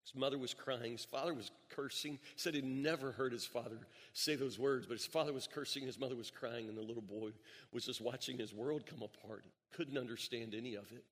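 A man's voice: mid-range voice, a little fast, a bit bright. A male pastor preaching a sermon, telling stories with emphatic rises and repeated words. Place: church sanctuary. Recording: long reverb of a large hall.

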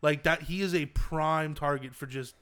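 A man's voice: on the high side, fairly even intonation, moderate pace, pushed and bright. A young man hosting a casual, crude podcast chat, joking and laughing often. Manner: joking, laughs a lot, profane. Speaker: podcast host.

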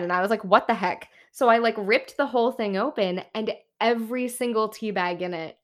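A woman's voice: fairly high pitch, fairly bright tone. A woman co-hosting a podcast in casual chat, telling a story full of fillers and quoted reactions. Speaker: podcast co-host.

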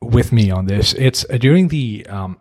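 A man's voice: medium pitch, expressive, moderate pace, a little mellow. A man from Nepal hosting a casual podcast conversation, talking in an earnest, reflective way and asking open questions. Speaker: podcast host.

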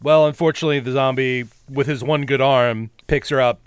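A man's voice: medium pitch, fairly even intonation, brisk, clean tone, no room sound. Wry man on a dry close mic. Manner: wry, jokey asides with lots of "you know". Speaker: podcast co-host. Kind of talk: casual film-recap chat.

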